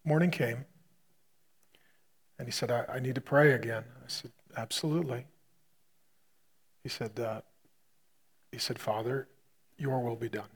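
A male pastor preaching, retelling a hospital story with loud punchy bursts that drop to a quiet hush. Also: medium pitch, steady tone, measured pace, pauses often, husky. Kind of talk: sermon storytelling.

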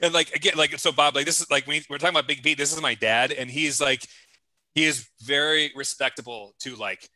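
Sharp-toned man chiming in. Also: on the high side, steady tone, fairly quick, no room sound. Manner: emphatic, chiming in and correcting a friend. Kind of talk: casual chat.

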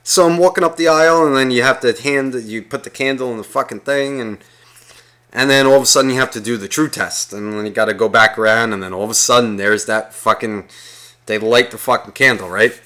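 A guest tells a rambling story in casual chat, his voice medium-pitched, bright, and forceful, with fairly even intonation and a brisk pace. He swears constantly and slips into the voices of the people he quotes.

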